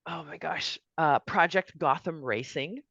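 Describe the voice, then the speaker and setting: A woman's voice: sits low, a little slow, vocal fry, fairly bright tone, husky. An upbeat woman chats as a podcast guest, restarting her sentences and tossing in casual slang. Her voice comes through a little dull and muffled. The sound is dry, with no room echo. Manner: upbeat, restarts a lot, says "dude" and "oh my gosh". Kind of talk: casual chat.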